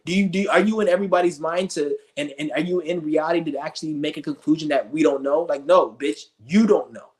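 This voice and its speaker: A man's voice: a little high, a little fast, hardly any pauses. A male streamer ranting with scorn, rambling and cursing as he goes. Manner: profane, scornful, rambling rants. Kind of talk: ranting commentary.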